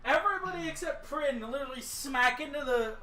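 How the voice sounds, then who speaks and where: A man's voice: very high voice, animated, fairly quick, pushed and bright. A man narrating as the game master of a tabletop game, laughing as he goes. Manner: laughing, voices NPCs in short bursts. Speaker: dungeon master. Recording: echoey room with faint noise.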